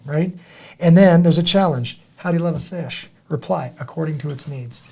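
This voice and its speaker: A man's voice: a little high, moderate pace, vocal fry, husky. A middle-aged man hosting a podcast, telling stories in casual, earnest talk and acting out the quotes he tells. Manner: earnest, animated storytelling with acted quotes. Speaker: podcast host.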